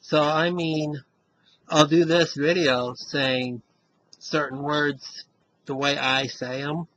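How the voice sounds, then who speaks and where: Slow easygoing man with a Western Massachusetts-Florida accent. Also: fairly high pitch, steady tone, fairly bright tone, low-quality recording. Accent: Western Massachusetts mixed with Central Florida. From Springfield, Massachusetts. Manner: rambling, easygoing, loose sentences. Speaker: vlogger. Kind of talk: casual talk to camera.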